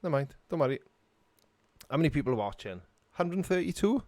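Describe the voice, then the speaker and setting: A man's voice: on the high side, sing-song, a little fast, a little mellow, no echo. A middle-aged Welsh man hosting a casual live-stream Q&A, reading viewer comments and answering them in a chatty, self-mocking way. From Wales.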